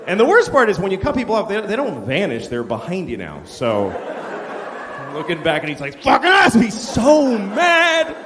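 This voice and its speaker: Profane male stand-up comic, lively delivery. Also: on the high side, normal speed, a loud crowd. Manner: profane, incredulous storytelling. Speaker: stand-up comedian. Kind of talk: stand-up comedy routine. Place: comedy stage before a live audience. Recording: live show with loud laughter and hiss.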